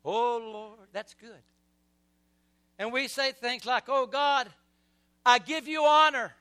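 A middle-aged male pastor preaching with passion, swinging between soft passages and loud surges and calling on the congregation to repeat after him. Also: extremely high pitch, slow, clean tone, no room sound. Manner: impassioned preaching with call-and-response. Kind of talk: sermon.

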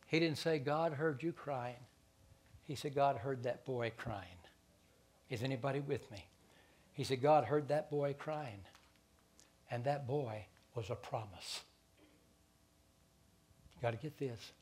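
A man preaching a sermon as pastor, stammering into repeated words and moving between quiet asides and loud stretches. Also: fairly high pitch, slow pace, long pauses.

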